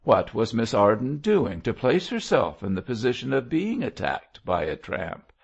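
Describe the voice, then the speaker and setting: A man reading an audiobook voices a sharp-tongued, spiteful older woman with a hard, cutting voice. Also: lowish voice, sing-song, slow pace, gravelly, slightly rough, exaggerated voice. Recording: dull lo-fi audio.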